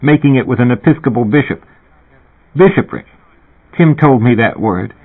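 A man reading an audiobook, voicing a giddy, mischievous young woman with a husky, raised voice, on a tinny, phone-like recording. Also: mid-range voice, expressive, normal speed. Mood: giggly. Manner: giggly, conspiratorial, gushing.

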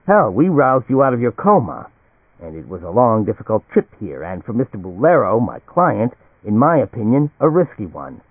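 A man's voice: fairly low pitch, very animated, normal speed, slightly rough, no echo. A man voicing a fussy male lawyer who complains in a self-important way. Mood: aggrieved. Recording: tinny, phone-like and dry.

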